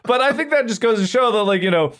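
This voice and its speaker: Man, podcast co-host, casual storyteller, bouncy animated delivery. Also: very high voice, fast. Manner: animated, laughing, acts out voices.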